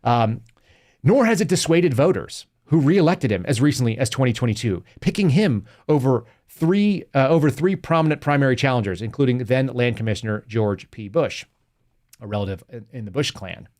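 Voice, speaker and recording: A man's voice: medium pitch, animated, normal speed, darkish tone. A man hosting a live political podcast, reading news articles aloud and commenting in a combative, sarcastic way. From Texas. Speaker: podcast host.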